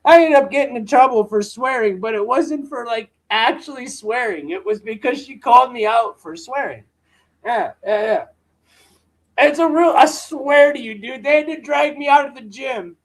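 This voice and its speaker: A man with a very high-pitched voice speaks at a normal speed while hosting a live stream. He tells casual, rambling stories packed with swearing and slang, ranting with plenty of "bro" and "dude."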